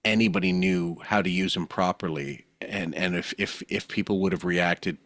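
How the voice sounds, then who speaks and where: A man's voice: deep voice, fairly even intonation, normal speed, a bit bright. A man hosting a podcast, talking in a wry, opinionated way and laughing often as he comments. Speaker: podcast host.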